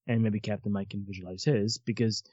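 A man co-hosting a casual movie watch-along, animated and swearing casually, quick to laugh. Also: on the low side, slightly rough, no room sound, muffled recording. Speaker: podcast co-host.

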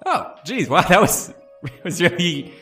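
A man's voice: high voice, very animated, unhurried, fairly bright tone, faint music behind, voice pushed up, heavily acted. A man voicing a sly, bored male beast in a tabletop game, coaxing and playful with a folksy manner. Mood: teasing.

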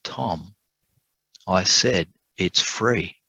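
A man voicing a kind, quiet male lawyer who speaks softly and patiently in a told sermon story. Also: medium pitch, animated, husky, no room sound, exaggerated voice, poor audio. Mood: calm. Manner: soft-spoken, measured.

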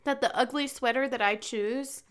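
A woman co-hosting a casual podcast chat, telling stories in an animated way and laughing easily. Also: high-pitched, moderate pace. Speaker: podcast co-host.

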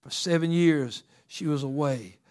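A male preacher with a fairly high voice delivers a sermon. He swings between hushed, intimate passages and loud, fervent exhortation, repeating phrases for emphasis. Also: unhurried. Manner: builds from quiet talk to loud fervent preaching.

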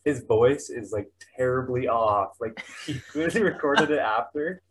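A young man chatting casually, animated and laughing, full of "like" fillers. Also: medium pitch, a little slow, breathy edge, rough recording. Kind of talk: casual chat.

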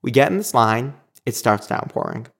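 A man recounting a personal story in a relaxed, chatty way. His voice sits at an ordinary middle pitch. He jumps into voicing the people in his tale with plenty of energy. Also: normal speed, vocal fry, breathy edge. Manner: animated, acts out quoted lines. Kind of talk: casual anecdote telling.

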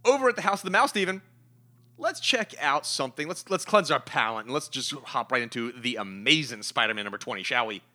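Bright-voiced animated podcast host. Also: male voice, mid-range voice, fairly quick. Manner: animated storyteller, acts out characters' lines. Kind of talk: casual comic book review chat.

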